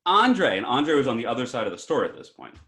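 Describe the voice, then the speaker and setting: A man co-hosting a podcast and telling stories in an animated, casual way. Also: mid-range voice, racing, vocal fry. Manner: animated, breaks into shouts and laughter while telling stories. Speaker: podcast co-host. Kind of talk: casual storytelling chat.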